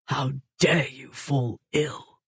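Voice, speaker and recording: A narrator voicing an urgent, commanding gentleman whose voice is low and rough, in a storybook reading. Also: lively intonation, moderate pace, no room sound. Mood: gruff.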